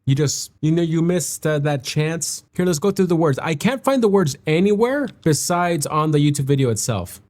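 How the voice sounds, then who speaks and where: A man hosting a music reaction, talking in a reflective, halting and heartfelt way, emotional and near tears. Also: a little high, animated, a little mellow. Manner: halting and heartfelt, with many restarts. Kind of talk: reflective casual reaction commentary.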